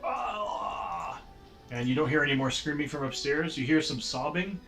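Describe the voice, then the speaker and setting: A man's voice: fairly high pitch, steady tone, fast talker, a bit bright, soft background music. A man running a tabletop game as dungeon master, narrating monsters with playful, laughing energy.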